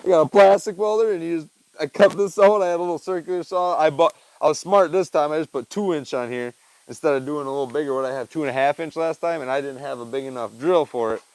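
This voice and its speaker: A man's voice: a little high, fast talker, darkish tone, no room sound, rough recording. A young man vlogging casually while he works on a chicken feeder, rambling and saying "dude" and "man" a lot, on a wearable mic. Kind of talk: casual chat while working. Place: backyard with chicken coop and tool bench.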